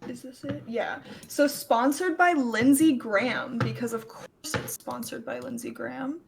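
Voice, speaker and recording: A woman's voice: a little high, unhurried, vocal fry, background noise. A woman guest in a casual conversation, explaining things in a matter-of-fact way.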